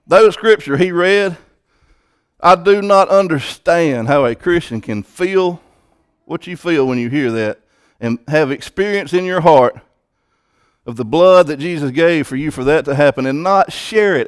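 Male preacher, fairly high smooth voice, emphatic sermon delivery with repeated words. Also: moderate pace, no echo, studio quality.

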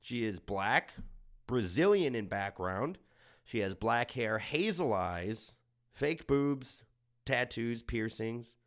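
A man's voice: medium pitch, animated, slow. A young adult man from Germany hosting a comedy podcast, riffing crudely and sarcastically. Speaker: podcast host.

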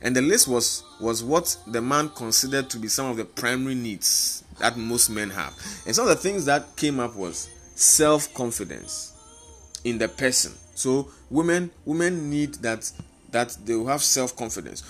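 A man's voice: mid-range voice, animated, normal speed, fairly bright tone, soft background music. A man preaching a fervent sermon, hammering points home through rhythmic repetition.

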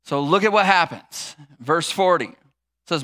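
A male pastor preaches in a chatty, humorous way, acting out little scenes as he goes. His voice sits high and sounds bright and forceful. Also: animated, measured pace. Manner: conversational and humorous, acts out scenes. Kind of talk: sermon.

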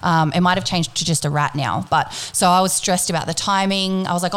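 A woman telling a story in casual chat, animated and swearing freely, acting out what people said. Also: fairly low pitch, fairly quick, hardly any pauses. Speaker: podcast co-host telling a story.

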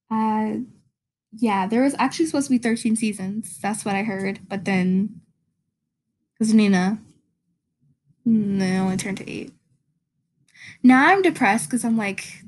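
A woman hosting a casual solo podcast, rambling, giggling often and searching for words. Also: a little high. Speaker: podcast host.

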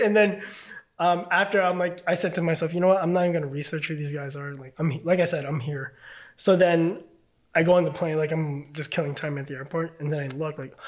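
A man's voice: a little high, fairly even intonation, fast. A man casually telling a story as a podcast guest, loose and chatty, full of fillers and swearing.

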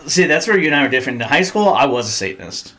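A man's voice: a little high, sing-song, racing, pushed and bright, a little hiss or hum. A young adult man, a podcast host telling blunt, profanity-laced stories in casual chat.

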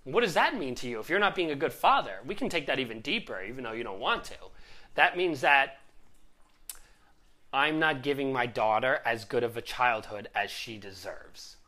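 Lively-pitched motivational life coach. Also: moderate pace. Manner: animated, conversational, often says "right?". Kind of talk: motivational talk.

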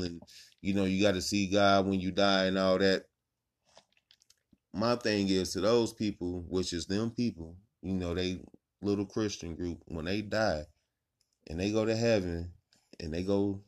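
A low-voiced man hosting a podcast late at night at home. He rambles and swears freely in loose, animated talk, a little tipsy. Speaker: podcast host. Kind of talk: casual late-night chat.

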